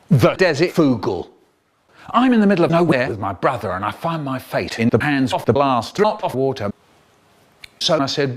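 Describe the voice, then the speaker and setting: Animated storyteller man. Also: moderate pace. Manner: animated, jumps between voices and pitches. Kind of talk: spliced comic storytelling.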